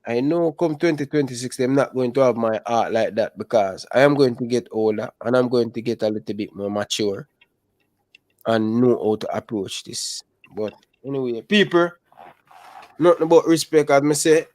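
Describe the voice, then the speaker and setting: A young adult man with a Jamaican accent, chatting casually about football in animated patois. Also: medium pitch, normal speed, dry recording. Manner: animated, speaks Jamaican patois and calls listeners brother. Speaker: football channel host. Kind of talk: casual chat.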